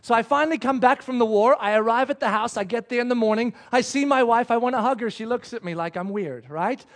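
A middle-aged man preaching a sermon, telling stories and acting out the quotes with lively energy. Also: very high voice, quick pace. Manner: animated storytelling, acting out quotes.

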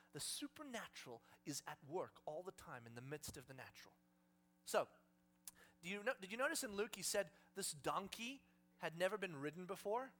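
A man's voice: high voice, fairly bright tone. A male pastor preaching a sermon to a congregation, telling stories with humor and animation.

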